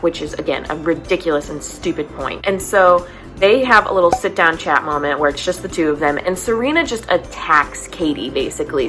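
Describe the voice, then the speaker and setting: A woman chatting casually, retelling a show in an animated, exasperated way with plenty of filler words. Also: on the low side. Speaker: recap vlogger. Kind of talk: casual chat.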